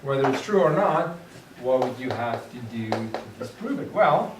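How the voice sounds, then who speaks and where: A man's voice: medium pitch, expressive, moderate pace. A man teaching a class, thinking aloud and putting questions to his students. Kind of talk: classroom lecture. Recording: echoey room, distant mic, clear background noise.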